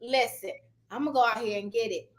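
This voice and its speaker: This woman talks briskly in a voice on the high side, and the recording is reverberant. As an online notary trainer and host, she leads a casual live stream from her home office, rambling, losing her train of thought and laughing often.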